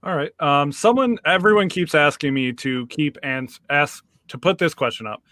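A man's voice: on the high side, normal speed, bright, forceful tone, no echo, clean studio sound. A man hosting a podcast, friendly and a bit hesitant, reading listener questions. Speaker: podcast host.

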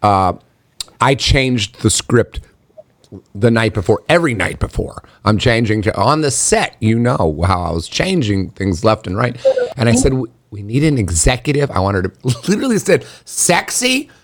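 A middle-aged man chatting as a guest on a talk show, telling stories with an animated, laughing delivery. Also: mid-range voice, no room sound. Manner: animated storytelling, quick laughs. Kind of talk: casual interview chat.

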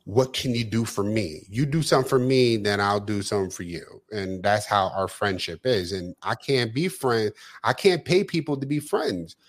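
A man co-hosting a podcast, ranting and acting out both sides of conversations. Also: mid-range voice. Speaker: podcast co-host. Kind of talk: casual chat.

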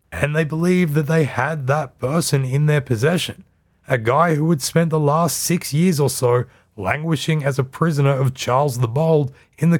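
A man narrating history for a podcast at an even, middle pitch. His telling is measured and scripted, and he drops a dry aside here and there.

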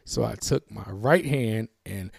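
Gravelly-voiced man telling a raw story. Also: on the low side, unhurried, no echo, clean studio sound. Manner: profane, emphatic street-slang delivery; emotionally raw, reliving tense moments. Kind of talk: personal storytelling monologue.

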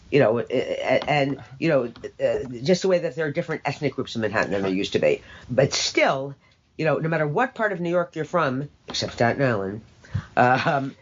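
An older woman talks in an interview with blunt, sardonic conviction, leaning hard on her points. Her pitch jumps around animatedly, and she drifts into long asides before landing the punchline. The recording sounds slightly dull, with a soft hiss underneath. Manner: emphatic, opinionated, sardonic with rambling asides. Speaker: interview guest. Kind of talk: conversational interview.

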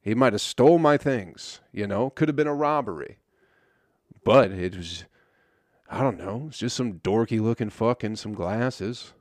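A man's voice: lowish voice, unhurried, dry recording. A young man hosting a podcast, telling a story in a loose, casual monologue full of swearing. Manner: laid-back storytelling, swears often. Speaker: podcast host.

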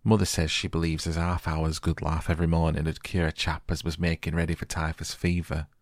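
A man plays a cheerful, easygoing country boy from a storybook. The voice is deep and gravelly, recorded close and dry. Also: flat delivery, fairly quick, no room sound.

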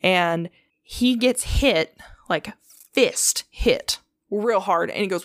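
A woman's voice: mid-range voice, normal speed, dry recording, studio quality. A woman casually retelling a story on a podcast, swearing freely and acting out the quotes. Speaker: podcast host.

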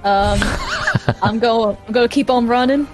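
A woman's voice: on the high side, fairly quick, over music. A woman playing a tabletop game, hesitant and full of fillers. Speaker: player. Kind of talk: casual tabletop play.

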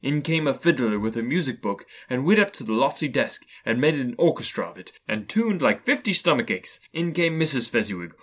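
Lively male storyteller. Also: mid-range voice. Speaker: narrator. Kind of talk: reading a classic story aloud.

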